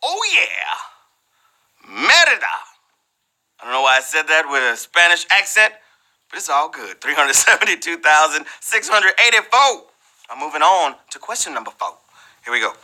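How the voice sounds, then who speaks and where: A man hosting a live trivia game show in a playful, slangy, animated way, teasing the players. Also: fairly high pitch, fairly quick, low-quality recording.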